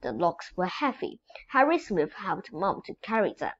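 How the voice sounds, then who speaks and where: A woman reading a children's storybook aloud in a slow, expressive way. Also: fairly low pitch, muffled recording. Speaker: storybook reader.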